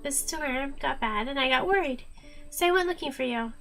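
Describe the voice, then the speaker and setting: A woman's voice: high voice, moderate pace, a bit bright, faint music behind. A woman voicing a flustered young boy in a game who pleads and defends himself to a friend. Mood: defensive.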